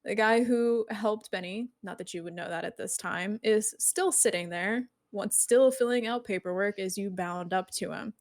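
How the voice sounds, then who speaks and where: A woman's voice: mid-range voice, normal speed, hardly any pauses. A woman narrating a tabletop game as game master, descriptive and easygoing.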